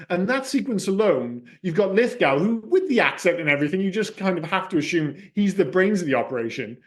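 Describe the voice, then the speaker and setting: A man co-hosting a casual film podcast, ranting in an animated, profane way. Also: high voice. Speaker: podcast co-host.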